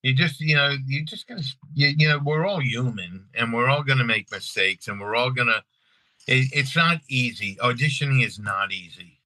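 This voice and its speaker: Long Island man with a bright, dry voice. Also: medium pitch, moderate pace, dry recording, rough recording. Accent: New York. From Long Island, New York. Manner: animated, repeats words, acts out scenes. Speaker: actor and guest. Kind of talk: casual interview storytelling.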